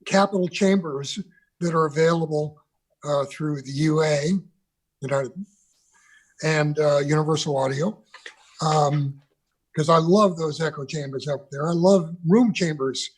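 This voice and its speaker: Older man reminiscing in a high voice. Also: steady tone, a little slow, pauses often. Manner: reminiscing, loose with restarts. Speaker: interview guest, veteran recording engineer. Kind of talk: conversational interview.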